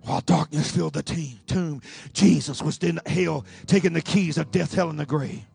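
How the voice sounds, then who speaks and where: A pastor preaching a sermon, swinging between shouting and a low, rhythmic delivery. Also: male voice, fairly even intonation, normal speed, creaky, slightly rough, soft background music.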